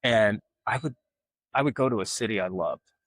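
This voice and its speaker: A man from Alabama, appearing as a guest artist, chats casually in an interview, spinning rambling, self-mocking stories and acting out the voices of people he quotes. His voice sits lowish with a fairly bright tone and a moderate pace, captured dry with no echo on a low-quality recording.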